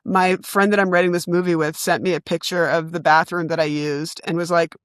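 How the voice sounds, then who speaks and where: Animated woman telling a comic story. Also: on the low side, fairly quick, no room sound, clean studio sound. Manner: animated storyteller who laughs often. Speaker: podcast co-host. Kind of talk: casual comedic chat.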